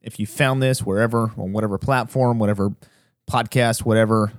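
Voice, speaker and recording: Male podcast host, low-mid warm voice, urgent rapid delivery, dry close sound. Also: fairly even intonation, no echo. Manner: fast, urgent, self-interrupting. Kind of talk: religious podcast commentary.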